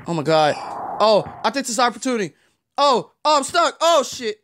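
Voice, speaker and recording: Frustrated young man yelling at a game. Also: extremely high pitch, sing-song, fairly quick, a little hiss or hum. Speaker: gaming YouTuber. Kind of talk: live gameplay commentary.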